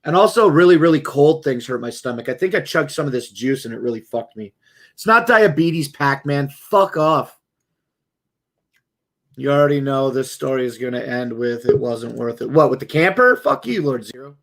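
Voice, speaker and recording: A man's voice: medium pitch, expressive, moderate pace. A man hosting a casual livestream at home, joking and swearing loosely. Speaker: livestream host.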